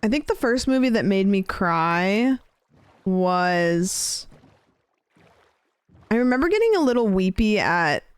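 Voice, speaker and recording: A woman's voice: medium pitch, sing-song, slow pace, pauses often, smooth, dry recording. A young woman streaming a game, chatting with viewers in a rambling, casual way. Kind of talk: casual gameplay chat.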